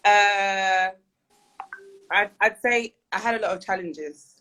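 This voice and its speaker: A woman talks over a video call as an interview guest, in a mid-pitched, chatty and candid voice. She is open about herself and quick to laugh. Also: bright, forceful tone. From United Kingdom.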